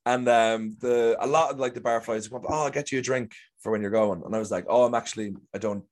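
A man's voice: medium pitch, fast. A young Irish man telling stories in casual conversation, rambling and acting out what people said. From Ireland. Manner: chatty, rambling storyteller who acts out quotes. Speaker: guest actor. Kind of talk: casual chat.

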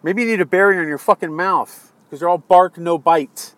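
An American man ranting angrily about politics, swearing constantly and swinging between low muttering and exasperated yelling. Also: moderate pace, dry recording. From United States. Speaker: political commentator. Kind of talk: angry political rant.

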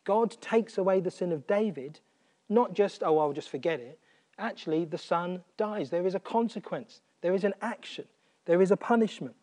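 Man preaching, kinda high voice, earnest, repeats stuff, goes real quiet sometimes. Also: normal speed. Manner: earnest, drops to near-whisper on quiet points; repeats phrases for emphasis. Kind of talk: sermon.

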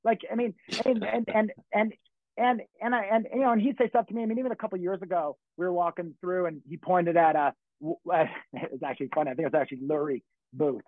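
High-voiced rambling man on a tinny line. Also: fairly even intonation, fast, no echo. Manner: rambling, swearing, restarts a lot. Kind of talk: casual chat. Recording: tinny phone-like dry sound.

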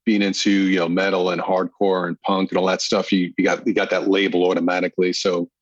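A man's voice: deep voice, flat delivery, a little fast, dry recording, muffled recording. A man, a police detective as guest, talking in a laid-back, friendly way and leaning on "you know" a lot. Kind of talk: casual chat.

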